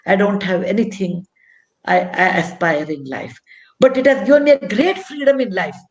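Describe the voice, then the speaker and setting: A woman's voice: medium pitch, expressive, moderate pace, echoey room. An older woman with an Indian English accent tells a personal story earnestly and reflectively at a public talk, often repeating phrases for emphasis. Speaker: guest speaker.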